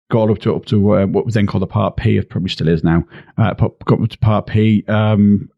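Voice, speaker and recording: A man in his forties from Middlesbrough with a Teesside accent, a podcast guest telling his story in a relaxed way with many ums and restarts. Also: mid-range voice, no echo, dull audio. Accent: Teesside English. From Middlesbrough, England. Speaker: podcast guest, security installer. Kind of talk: casual podcast chat.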